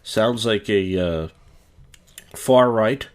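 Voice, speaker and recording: A man's voice: fairly low pitch, drawn-out words. A man hosting a podcast, giving blunt, profane commentary on viral clips. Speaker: podcast host.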